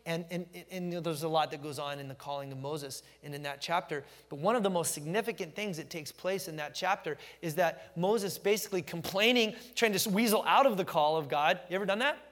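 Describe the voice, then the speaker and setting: A middle-aged man preaching a sermon as pastor, telling stories with animated energy and slowing down to stress key phrases. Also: on the high side, long reverb tail. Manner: animated storytelling, emphatic, slows down to stress phrases.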